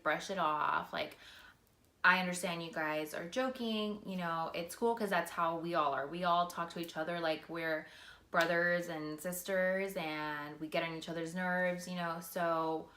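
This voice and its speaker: A woman's voice: on the low side, bright, forceful tone, roomy sound. A woman vlogger telling a personal story in a casual, earnest way, full of "like" and "you know". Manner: casual, filler-heavy, earnest.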